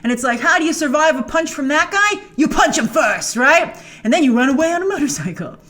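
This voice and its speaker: In a high, sing-song voice that's fairly quick and a bit bright, a woman chats her way through a trailer breakdown. She's playful and casual, tossing in frequent asides while thinking aloud.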